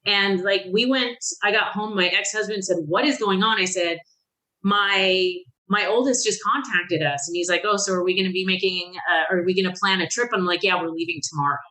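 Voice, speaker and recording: A woman's voice: medium pitch, a little fast, low-quality recording. A woman in her fifties, a podcast guest, openly telling a personal life story with feeling, often restarting her sentences. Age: 50s. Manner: emotional, animated when reliving moments, frequent restarts.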